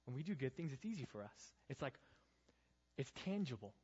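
A man's voice: medium pitch, big pitch swings, brisk, a little mellow, husky. A young man giving a youth group sermon as pastor, earnest, building to pleading rhetorical questions. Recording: dull, reverberant hall sound.

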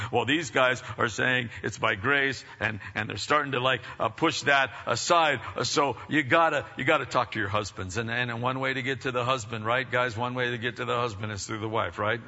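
A man preaching a sermon as pastor, energetic and emphatic, with many restarts and questions to his congregation. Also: medium pitch, normal speed, hardly any pauses. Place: church sanctuary. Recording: dull reverberant church hall recording.

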